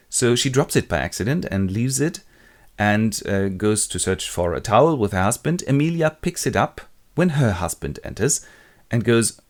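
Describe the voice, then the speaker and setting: A man's voice: fairly low pitch, lively intonation, fairly quick. A man telling a play as a wry, chatty comic retelling. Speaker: narrator and presenter.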